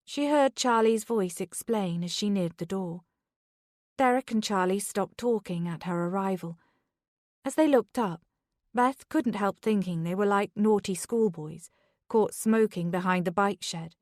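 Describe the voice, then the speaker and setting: A woman narrating a thriller audiobook in a measured, even way, close to the mic. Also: medium pitch, dry recording. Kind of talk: scripted narration.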